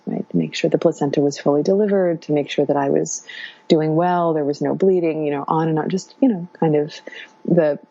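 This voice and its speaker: Low, mellow-voiced woman recounting a story. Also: vocal fry, breathy edge, muffled recording. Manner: warm, halting, many fillers and restarts. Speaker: podcast guest telling her birth story. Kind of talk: casual storytelling.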